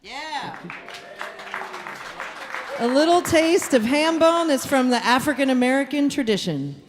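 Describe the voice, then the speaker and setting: Very high-voiced woman leading a kids' song. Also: animated, moderate pace, over music, crowd noise. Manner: leads an audience, line by line. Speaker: children's folk performer. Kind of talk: call-and-response folk singing for kids. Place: café concert stage, live.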